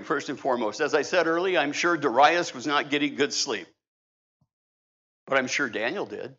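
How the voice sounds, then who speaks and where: A man's voice: medium pitch, normal speed, bright, forceful tone. A middle-aged male pastor preaching a sermon in a church, conversational and humorous. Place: church sanctuary. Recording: slightly dull, lo-fi church recording.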